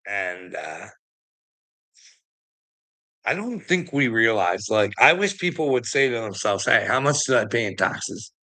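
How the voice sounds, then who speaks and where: A man's voice: on the low side, very animated, measured pace, pauses often, sharp tone. Profane, rambling Canadian man ranting. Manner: profane, rambling, laughs between remarks. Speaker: political commentary host. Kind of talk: casual ranting monologue.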